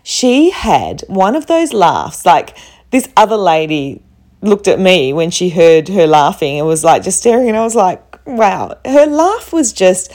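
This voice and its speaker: Chatty Australian woman, lively pitch. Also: unhurried. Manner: chatty and rambling, many fillers and restarts. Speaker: travel vlogger. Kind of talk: casual storytelling to camera.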